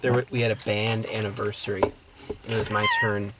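A man's voice: lowish voice, little pitch movement, moderate pace, distant mic. A man co-hosting a casual movie review chat, joking and offhand. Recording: noisy casual recording.

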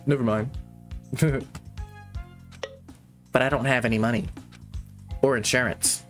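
Gaming host, male, reads the game's dialogue aloud at an average pitch and drops in his own asides, with faint game music behind him. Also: steady tone, unhurried, long pauses, fairly bright tone. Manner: reads character lines aloud, breaking off to comment and laugh.

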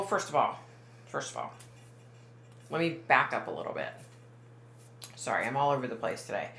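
A woman with a deep yet bright, forceful voice talks as a psychic medium. She rambles and keeps restarting her sentences in a chatty monologue. The room around her sounds roomy and echoey. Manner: rambling, self-correcting, many fillers. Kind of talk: casual monologue to camera.

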